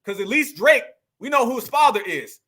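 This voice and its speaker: A man hosts a talk stream, reacting to clips and speaking straight to his audience. His voice sits very high and rings bright and forceful. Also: fairly quick. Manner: animated, addresses viewers as family and y'all. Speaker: host of a political commentary channel. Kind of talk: casual commentary reacting to clips.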